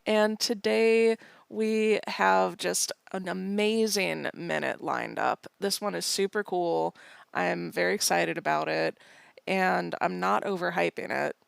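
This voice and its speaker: A woman co-hosting a podcast with a strongly gravelly, fry-laden voice. She chats casually, giggles and pokes fun at herself as she stumbles over words. The sound is dry and close. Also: on the low side, slow, no echo. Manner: giggly, self-mocking, trips over words. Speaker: podcast co-host.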